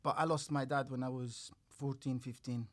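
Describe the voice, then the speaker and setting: A man from Naples, Italy, a podcast guest speaking in a soft, hesitant and earnest way. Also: medium pitch, steady tone, moderate pace. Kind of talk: casual interview talk.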